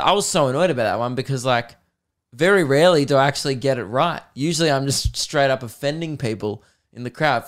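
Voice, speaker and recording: A man in his twenties with an Australian accent, hosting a podcast in a laid-back, self-mocking storytelling way. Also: medium pitch. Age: 20s. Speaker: podcast host. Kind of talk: casual chat.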